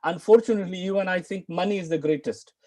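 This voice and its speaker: A man's voice: high voice, quick pace, darkish tone. A British man teaching an online lesson, stressing key words and repeating phrases for learners to follow. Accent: British English. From United Kingdom. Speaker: Arabic and Quran teacher.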